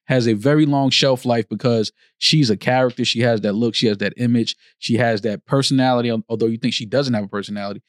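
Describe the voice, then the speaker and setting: A man's voice: mid-range voice, steady tone, fast, few pauses, dry recording, studio quality. A man co-hosting a podcast, talking in a laid-back, slangy way and often laughing. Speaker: podcast co-host. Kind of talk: casual debate chat.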